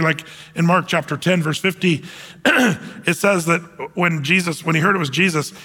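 A man preaching a sermon in a loose, conversational way, often restarting his sentences and filling pauses. His voice sits a little high. The recording carries the long reverb of a large hall. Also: pushed and bright, husky. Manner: conversational, many fillers and restarts. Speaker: pastor. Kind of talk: sermon with scripture reading.

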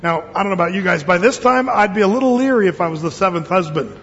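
Male pastor, high voice, folksy joking sermon, dull recording with long hall echo. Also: animated, quick pace, a bit bright, a little hiss or hum. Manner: folksy storytelling with jokes and quoted voices.

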